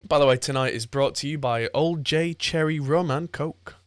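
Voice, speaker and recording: A man's voice: a little high, moderate pace, smooth, no room sound, studio quality. A man hosting a podcast, chatting casually and rambling with frequent laughs. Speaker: podcast host. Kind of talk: casual chat.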